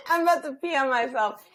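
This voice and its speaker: A young woman, a podcast guest, chiming in with quick laughing reactions in casual chat. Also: high voice, very animated.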